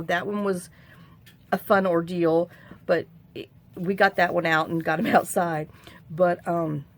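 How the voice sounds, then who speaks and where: A middle-aged woman hosting a crafting tutorial at home, chatting in a rambling way with sighs and asides. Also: fairly low pitch. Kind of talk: casual crafting tutorial chat.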